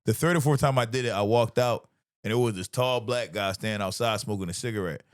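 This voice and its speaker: A man's voice: fairly low pitch, quick pace, clean tone. A man in his thirties, a comedian hosting a podcast, telling stories in casual chat with lots of swearing and laughter. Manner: profane, laughing, animated storyteller.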